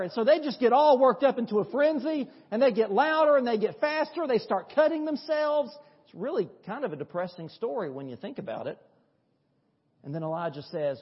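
A male pastor preaching a sermon, telling stories in a lively, conversational way with rhetorical questions. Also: very high voice, brisk, breathy edge. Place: church sanctuary. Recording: dull audio with long church reverb.

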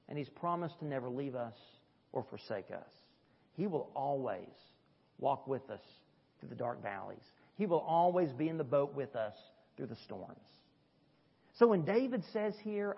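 A man preaching a sermon as pastor, swinging between soft, low passages and raised, emphatic peaks. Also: breathy edge. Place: church sanctuary. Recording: dull, echoey church hall sound.

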